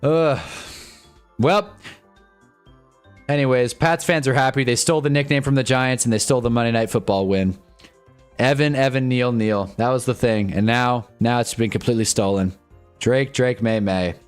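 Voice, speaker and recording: A young man rambles through live fan commentary, wry and fed up, with a medium-pitched voice. Faint music plays quietly behind him. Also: moderate pace, clean tone. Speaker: livestream host reacting to a football game. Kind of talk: casual live commentary and chat.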